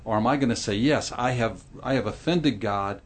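A man's voice: medium pitch, normal speed. A middle-aged man speaking earnestly in a Christian podcast discussion, explaining and acting out quoted lines like a pastor.

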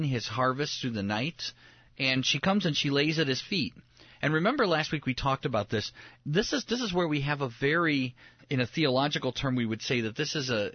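A man's voice: mid-range voice, no room sound, highs cut off. A man hosting a radio show, teaching the Bible in an earnest, conversational way and acting out the quoted lines. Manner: earnest, acts out quoted lines with rising excitement.

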